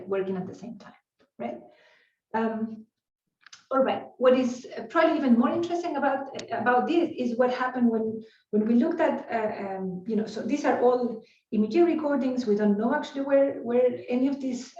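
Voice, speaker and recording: A woman's voice: fairly high pitch, moderate pace, mellow. Woman lecturing, roomy and distant. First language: Spanish. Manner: conversational, peppered with "you know" and restarts. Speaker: neuroscience researcher giving a talk. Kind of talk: conference lecture. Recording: roomy, distant, dull lecture-hall recording.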